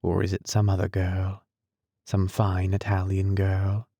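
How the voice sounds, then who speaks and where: Tender young nurse woman, read by a man, soft, coaxing, gravelly low voice, dry close sound. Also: completely flat delivery, a little slow, no room sound. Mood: teasing. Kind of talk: audiobook character reading.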